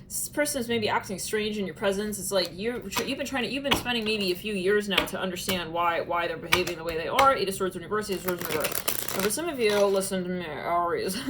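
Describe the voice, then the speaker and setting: A woman's voice: mid-range voice, fast talker, very noisy. A woman giving a casual tarot reading, chatty and musing, often breaking into laughter. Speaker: tarot reader.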